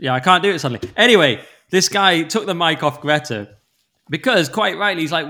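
A man hosting a casual political podcast, brisk and opinionated in his delivery. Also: fairly high pitch, sharp tone. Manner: brisk, opinionated, quick-fire. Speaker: podcast host.

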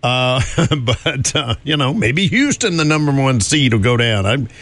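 A man's voice: mid-range voice, lively intonation, unhurried, fairly bright tone. Chatty rambling morning radio host man. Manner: rambling, chatty, self-interrupting with fillers and chuckles. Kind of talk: casual radio chat.

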